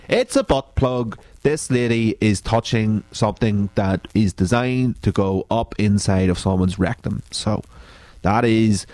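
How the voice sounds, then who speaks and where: A man's voice: lowish voice, unhurried, darkish tone, no room sound. Sarcastic, sweary man hosting a podcast. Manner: sarcastic and profane, mocking. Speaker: podcast host. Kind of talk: comedic podcast commentary reading social media posts.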